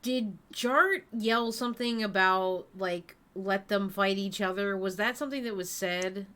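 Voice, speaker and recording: Slow-talking woman player. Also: mid-range voice, sharp tone. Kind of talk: casual tabletop play.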